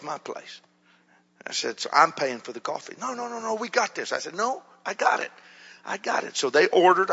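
A male pastor telling stories in a sermon, dropping to a hush and then rising loud and animated. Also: a little high. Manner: animated storytelling, swings from hushed to loud. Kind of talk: storytelling sermon. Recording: muffled hall reverb.

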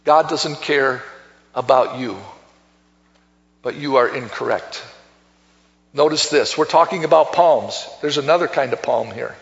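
A man preaching a sermon as pastor, slow and emphatic, reading scripture and building to shouts. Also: medium pitch, gravelly. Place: church sanctuary. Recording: long church reverb, dull sound.

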